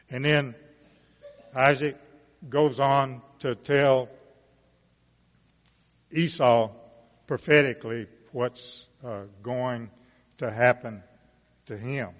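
A man preaching, reading Bible passages aloud and commenting on them in a slow, deliberate way with emphatic rises. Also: mid-range voice, fairly even intonation. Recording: muffled sound with long reverb.

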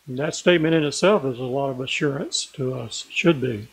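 An earnest man preaching a sermon, his voice sitting a little higher than most men's. He slows down and leans on key words as he reads scripture and drives his points home. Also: breathy edge, low-quality recording.

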